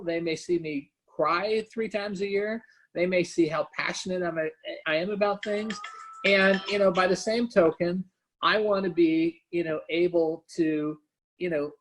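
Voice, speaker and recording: A man's voice: sits high, rough recording. A man, a company founder and CEO, talking candidly and personally in a webinar conversation, filling gaps with "you know" and "right?".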